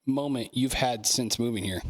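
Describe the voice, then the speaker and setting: A man from Canada hosting a podcast, asking questions in relaxed casual chat and swearing freely. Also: medium pitch, moderate pace, no room sound. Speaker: podcast host.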